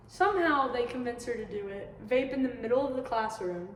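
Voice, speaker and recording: A young woman co-hosting a podcast, telling stories in a casual, animated way and laughing often. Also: a little high, fairly quick, few pauses. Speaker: podcast co-host. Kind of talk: casual storytelling chat. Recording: echoey room, far from the mic, faint hiss.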